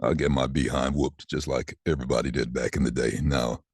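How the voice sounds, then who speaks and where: A man in his sixties with a deep voice, telling stories in a casual interview and acting out the voices of people he quotes. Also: a little fast, husky, no echo, clean studio sound. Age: 60s. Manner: animated, acts out quoted voices. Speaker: voice actor guest.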